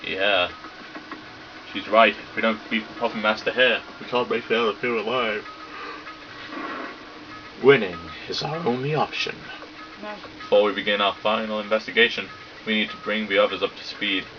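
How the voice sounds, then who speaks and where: A British man narrating a video game playthrough, reading the characters' lines aloud and cracking crude jokes between them. His voice sits on the low side. The recording is dull and lo-fi, with game music playing clearly underneath. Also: fairly even intonation. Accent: British English. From Britain. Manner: sweary, joking, does quick silly voices for characters. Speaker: let's play gamer. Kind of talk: let's play commentary, reading game dialogue aloud.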